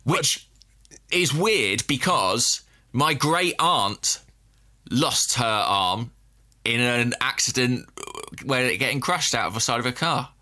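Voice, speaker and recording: Here a football podcast co-host relates a long anecdote poking fun at himself, chuckling at his own mishaps in casual talk. He speaks slowly in a mid-range voice that is animated, bright, and forceful.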